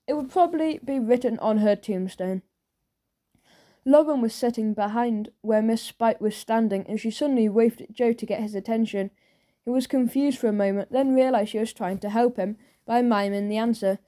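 Woman, children's audiobook narrator, mellow tone, somewhat high voice. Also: moderate pace.

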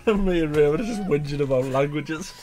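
A man's voice: fairly high pitch, a little mellow. A man with a Northern English accent chatting casually while watching a film, teasing and mock-provocative, laughing often. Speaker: reaction video co-host. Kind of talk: casual chat over a film.

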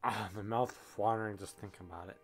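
A man streaming a game while drunk, talking in a rambling, self-deprecating way, swearing and trailing off into quiet mumbles. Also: on the low side, fairly even intonation, fast talker, soft background music. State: drunk, slurring. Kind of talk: casual gaming stream chat.

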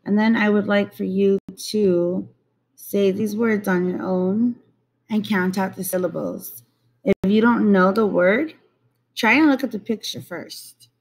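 Slow, patient woman teaching syllables. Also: medium pitch, fairly even intonation. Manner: slow, repeats words to model syllables. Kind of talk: teaching lesson.

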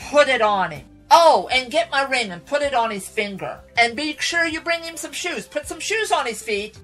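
A woman voicing an overjoyed, loving old father who calls out loudly and exuberantly. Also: sits high, animated, moderate pace, soft background music, voice pushed up. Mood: commanding. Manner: loud and exuberant.

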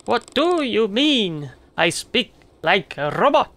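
A stiff, simple circus ringmaster who speaks slowly and evenly, like a polite machine, as a let's player voices him. The tone stays bright and plain. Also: medium pitch, no room sound, pitched above the performer's own voice, full character voice. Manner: slow, flat, robot-like delivery.

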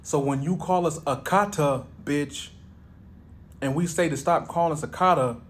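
A man's voice: fairly high pitch, moderate pace. A man hosting a reaction video, talking bluntly and profanely in a riffing commentary.

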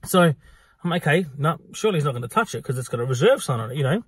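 Husky man ranting about work. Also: mid-range voice, racing, no echo. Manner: animated, acts out exchanges with swearing. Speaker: venue staff worker telling a story. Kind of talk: casual storytelling rant.

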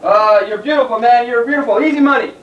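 A man putting on a hyped-up male doctor who talks like a sports fan and gushes praise fast. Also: extremely high pitch, a bit bright, lo-fi sound. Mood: gushing. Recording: echoey amateur camcorder audio from a distance.

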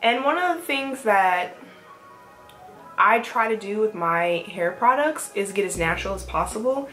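A woman's voice: mid-range voice, expressive, measured pace, bright, forceful tone, faint music behind. A woman talking through a hair product review in a casual, rambling way, with chatty asides, filmed at home on a camera mic. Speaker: natural hair vlogger. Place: indoors at home.

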